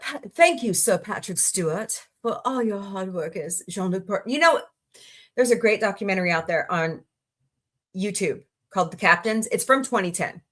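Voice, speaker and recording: A woman hosting a casual livestream, rambling happily, greeting viewers by name and laughing easily. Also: a bit bright. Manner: chatty, rambling, reads chat aloud and greets viewers; laughs easily, voices reactions with sudden high squeals. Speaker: livestream host.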